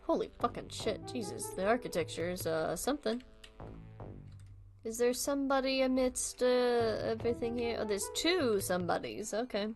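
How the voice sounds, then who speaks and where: A woman's voice: on the high side, normal speed, music in the background. A young adult woman streaming a game, chatting casually and laughing often. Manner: giggly, chatty, swearing freely.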